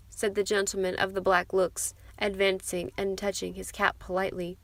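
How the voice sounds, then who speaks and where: A woman reading an audiobook in a measured, even storytelling manner. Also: mid-range voice, no room sound. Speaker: audiobook narrator. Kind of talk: scripted audiobook narration.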